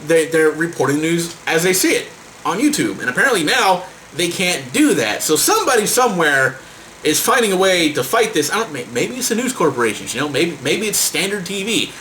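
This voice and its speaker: Exasperated man ranting, lively bright voice. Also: on the high side, a little fast, slight background noise, poor audio. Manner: profane, exasperated, stumbling over repeated words. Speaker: vlogger. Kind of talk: heated rant to camera.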